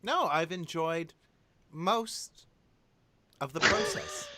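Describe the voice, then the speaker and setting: A man's voice: medium pitch, big pitch swings, moderate pace, pushed and bright, no echo. A man co-hosting a drag livestream, chatting casually with dry, wry asides.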